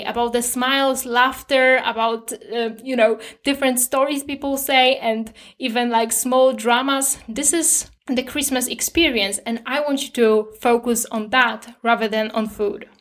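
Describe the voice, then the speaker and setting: A young woman hosting a solo podcast, giving gentle, reassuring advice. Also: high voice. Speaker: podcast host.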